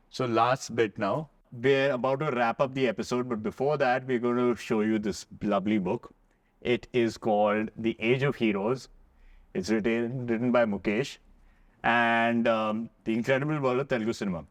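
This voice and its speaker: A man's voice: mid-range voice, steady tone, moderate pace, no echo. A man with an Indian accent hosting a casual interview, asking questions and joking with his guest. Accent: Indian English. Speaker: podcast host.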